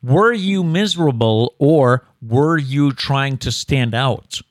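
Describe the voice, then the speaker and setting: A man's voice: mid-range voice, takes it slowly, dry recording, clean studio sound. A male co-host chatting casually and reading an article aloud, with a mock-formal emphasis on the words he reads out. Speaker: co-host of a daily news show.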